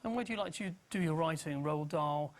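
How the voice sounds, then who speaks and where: A man hosting an audience question-and-answer session at a book event, speaking politely and a little haltingly. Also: a little high. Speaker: event host.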